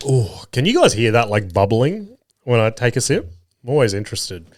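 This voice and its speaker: A man's voice: mid-range voice, big pitch swings, moderate pace, dry recording. A man in his thirties with an Australian accent hosting a podcast, telling crude, swearing stories about his kids and laughing at them. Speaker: podcast host. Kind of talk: casual storytelling.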